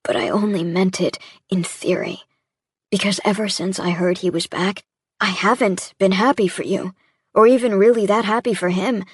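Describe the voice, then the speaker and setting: A woman voicing a jealous young man at the end of his rope, his words halting and pained, his voice breaking as he speaks. The voice is husky and breathy. It sits dry and close, with no room around it. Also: medium pitch, steady tone, no room sound, natural voice. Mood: anguished. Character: distraught young adult man, jealous boyfriend. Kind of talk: audiobook dialogue reading.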